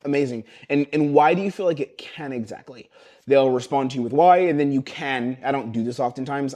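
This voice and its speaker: A man teaches sales calls straight into his webcam, rattling through scripts at a rapid clip. His voice is mellow and dark, with an average pitch, and he slips into the closer's lines as he role-plays them. The sound is plain webcam audio from a home setup. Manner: fast, energetic, acts out closer lines. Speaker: sales coach.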